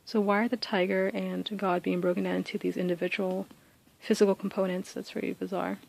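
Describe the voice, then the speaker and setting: A woman giving a casual spoken lesson, thinking aloud with many ums and uhs and reading poem lines slowly and deliberately. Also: mid-range voice, little pitch movement, creaky, darkish tone, low-quality recording. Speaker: teacher explaining close reading.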